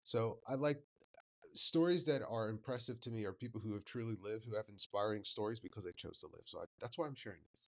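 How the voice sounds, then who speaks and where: A man's voice: lowish voice, brisk. A man hosting a reaction video, giving thoughtful commentary and searching for words with many fillers. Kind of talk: reflective commentary.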